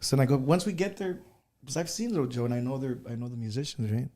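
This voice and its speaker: A man telling animated anecdotes, laughing at his own stories and slipping into Spanish. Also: medium pitch, very fast. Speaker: guest. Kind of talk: casual storytelling.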